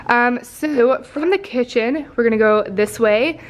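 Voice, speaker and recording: A woman's voice: fairly high pitch, a little slow, hardly any pauses, slight background noise. A young woman vlogger giving a casual tour of her apartment, chatty and rambling with lots of ums and likes. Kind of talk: casual home tour vlog. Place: apartment indoors.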